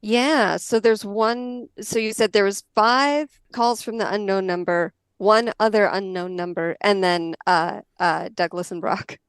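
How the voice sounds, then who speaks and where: A woman's voice: medium pitch, steady tone, a little slow, few pauses, clear, resonant tone, no room sound. A woman playing a tabletop game, chatty and playful as she talks through her moves. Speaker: player.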